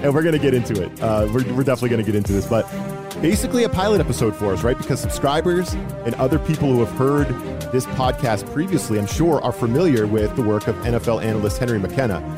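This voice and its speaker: A man in his thirties hosting a casual sports podcast, chatty and self-deprecating, with quick asides. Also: medium pitch, expressive, music in the background. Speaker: podcast host.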